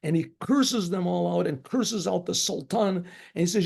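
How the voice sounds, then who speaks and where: A rabbi with a high, husky, darkish voice and noticeable vocal fry tells a story a little fast, barely pausing. His spoken storytelling is rambling and conversational, and he acts out its sounds, such as shofar blasts.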